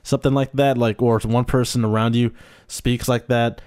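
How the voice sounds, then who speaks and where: A man's voice: medium pitch, level tone, normal speed, a little mellow, clean tone. A man chatting casually as co-host, rambling and laughing, with lots of filler words. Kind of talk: casual chat.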